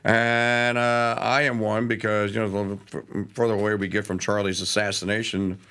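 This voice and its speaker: A man's voice: fairly low pitch, flat delivery, normal speed, bright, forceful tone, smooth. A man hosting a live talk radio show, chatting in a rambling, self-correcting way.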